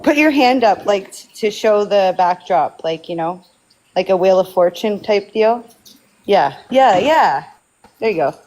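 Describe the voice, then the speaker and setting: A woman's voice: mid-range voice, lively intonation, unhurried, a little mellow, rough recording. A woman joking around on a casual live stream, playful and teasing.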